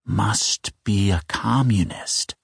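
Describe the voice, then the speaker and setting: A man voicing an excitable, imaginative young boy calling out to his friend. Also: mid-range voice, unhurried, no echo, studio quality. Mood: eager.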